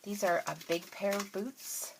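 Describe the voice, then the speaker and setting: Chatty, easily excited woman vlogger, tired and yawning, mid-pitched voice, casual unboxing chat. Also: a little slow, background noise. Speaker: craft vlogger.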